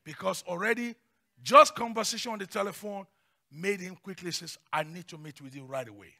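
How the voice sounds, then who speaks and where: A man preaching a sermon as pastor, passionate, swinging between hushed lines and shouts. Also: sits high, a little fast.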